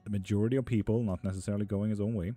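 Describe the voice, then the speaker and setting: Man, low voice, casual sweary chat, reads comments, laughs a lot, faint music behind. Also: steady tone, very fast, mellow. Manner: sweary, chatty, laughing often. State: hot and sticky. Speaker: livestream tarot reader. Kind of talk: casual live-stream chat, reading comments.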